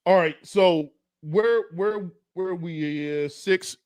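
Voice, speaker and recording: A man's voice: high voice, slow, darkish tone, clear, resonant tone, no echo. A man hosting a casual livestream chat, laid-back and direct, often calling people brother. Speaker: show host.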